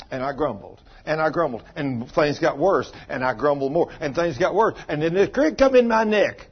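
A man's voice: sits high, expressive, a little fast, breathy edge, lo-fi sound. A man preaching a sermon, telling stories and acting out the voices of the people in them. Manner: folksy storytelling preacher, acts out dialogue. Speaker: pastor. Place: small church.

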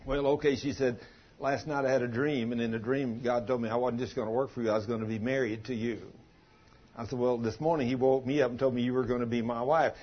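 An older man preaching a sermon, telling a folksy story in plain country grammar, with a husky voice. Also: mid-range voice, steady tone, fast, muffled recording. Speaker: pastor.

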